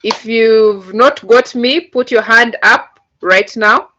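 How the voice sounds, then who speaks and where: A woman's voice: fairly high pitch, slow pace, pushed and bright. A woman teaching a coding class over a video call, explaining patiently step by step with many fillers. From Uganda. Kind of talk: online class instruction. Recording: dull lo-fi call audio.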